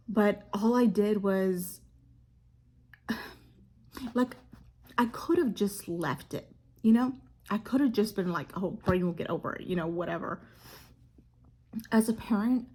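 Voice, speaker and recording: A mother speaking earnestly and haltingly to camera, telling a heartfelt story as a devotional reflection. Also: medium pitch, warm tone, breathy edge. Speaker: mother sharing a faith reflection. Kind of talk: casual devotional talk to camera.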